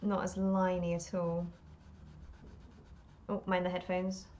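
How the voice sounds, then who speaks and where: A woman's voice: fairly low pitch, completely flat delivery, takes it slowly, a little mellow, muffled recording. Chatty woman painting on a live stream. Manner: rambling, self-talking, laughs often, self-deprecating.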